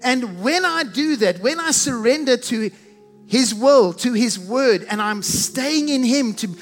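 A man's voice: very high-pitched, animated, a little slow, in a large hall, soft background music. A man preaching a sermon as a pastor, earnest and stacking repeated phrases into building lists.

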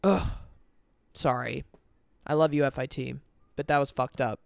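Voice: mid-range voice, fairly even intonation, unhurried, creaky, smooth, no echo, studio quality. An eighteen-year-old podcast host talking in a tired, rambling, sweary way, full of "like" fillers, about stress and a busy month. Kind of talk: casual vlog-style chat. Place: cold indoor room. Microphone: camera on a timer.

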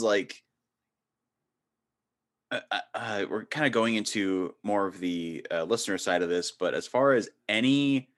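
Male podcast host, lowish voice; easygoing, laughs a lot, questions ramble. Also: a bit bright. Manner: chatty, laughs easily, long winding questions. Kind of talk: casual interview.

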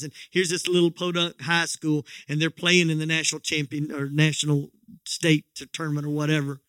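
A man's voice: fairly high pitch, sharp tone, smooth, no room sound, clean studio sound. A middle-aged man preaching a sermon as pastor, telling a story in a folksy, joking way with many restarts.

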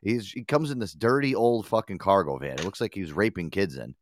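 A man hosting a casual talk show, telling stories in a profane, animated way. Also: fairly low pitch, brisk, slight background noise. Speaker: podcast host. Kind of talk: casual chat.

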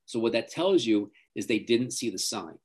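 A man's voice: mid-range voice, lively intonation, moderate pace, slightly rough. A middle-aged man, a driving coach, giving emphatic advice as an interview guest. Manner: emphatic, acts out quoted parents and teens.

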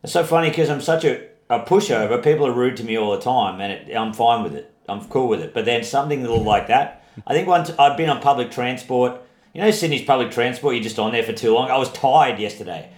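A man's voice: mid-range voice, brisk, echoey room. A man, co-hosting a podcast in casual chat and telling rambling stories full of fillers. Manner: laid-back, rambling storyteller with frequent fillers. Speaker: podcast co-host, touring comedian.

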